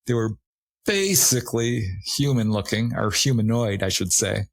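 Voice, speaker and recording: A man's voice: normal speed, vocal fry, dry recording. Man animatedly retelling a witness story. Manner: animated retelling, acts out quoted witnesses with raised pitch; laughs often while talking. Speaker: guest, paranormal investigator. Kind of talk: conversational storytelling.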